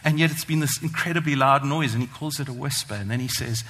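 A man preaching a sermon, earnest and emphatic, slowing down to stress the scripture he reads. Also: medium pitch, pushed and bright. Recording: long hall reverb.

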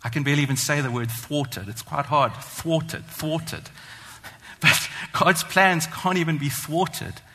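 A man's voice: a little high, lively intonation, pushed and bright. Earnest man preaching in a reverberant hall. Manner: earnest, emphatic, slows down on scripture quotes. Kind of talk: sermon.

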